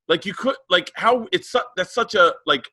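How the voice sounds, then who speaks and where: A man's voice: high voice, lively intonation, normal speed, bright, forceful tone, breathy edge. A man co-hosting a podcast, rambling and stammering through stories in casual banter. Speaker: podcast co-host.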